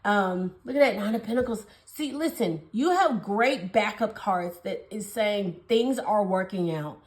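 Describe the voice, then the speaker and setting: Fast, gushing woman tarot reader. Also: mid-range voice, expressive, roomy sound, heavy background noise. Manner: fast, gushing and affectionate, calls viewers babies and honey. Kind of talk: casual tarot reading to camera.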